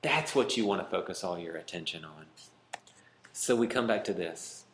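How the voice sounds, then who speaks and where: A male pastor preaching a sermon, pleading and emphatic, swinging from loud, high emphasis to quiet, low asides. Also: lively intonation, normal speed, roomy sound, a little hiss or hum. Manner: pleading, rising to emphatic then dropping quiet.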